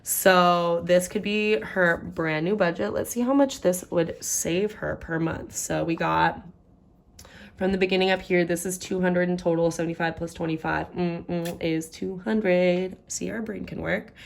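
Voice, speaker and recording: Gravelly low-voiced woman budgeting aloud. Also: fairly even intonation, a little slow. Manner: chatty, thinks aloud while doing sums. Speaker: budgeting vlogger. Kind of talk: casual budget walkthrough.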